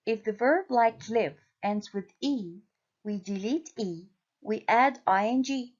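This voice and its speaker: Woman teacher going over english grammar, slow and spelling stuff out, kinda muffled lo-fi audio. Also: on the high side, darkish tone. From Syria. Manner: slow, spells out letters and repeats patterns. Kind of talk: recorded grammar lesson.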